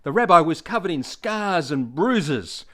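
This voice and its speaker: A man's voice: on the high side, measured pace. A man in his sixties with an Australian accent, telling dad jokes and chuckling at them. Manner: chuckles at own jokes, animated delivery. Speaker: joke teller. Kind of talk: recorded dad-joke telling.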